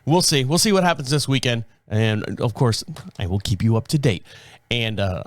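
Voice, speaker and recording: A man's voice: medium pitch, animated, moderate pace, no echo. A man in his fifties hosting his own show, telling stories in a rambling, casual way and often correcting himself mid-sentence. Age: 50s. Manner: rambling, self-correcting storytelling. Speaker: podcast host. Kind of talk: casual solo talk.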